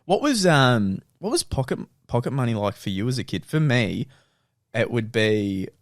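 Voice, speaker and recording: A man's voice: medium pitch, normal speed, no room sound, clean studio sound. A young man, chatting as podcast co-host, telling stories with plenty of laughter. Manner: animated storytelling, laughs a lot. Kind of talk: casual chat.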